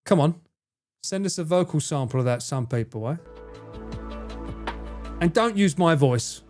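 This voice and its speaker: A man's voice: on the high side, expressive, a little slow, pauses often, darkish tone, faint music behind. A male streamer chatting casually with his viewers, joking, swearing and trying out accents. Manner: profane, jokey, tries out accents.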